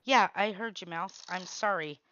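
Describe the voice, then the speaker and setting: A woman's voice: lowish voice, normal speed, lo-fi sound, very noisy. A woman co-hosting a cooking livestream, tossing in teasing, joking remarks from the side. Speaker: co-host. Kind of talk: casual banter.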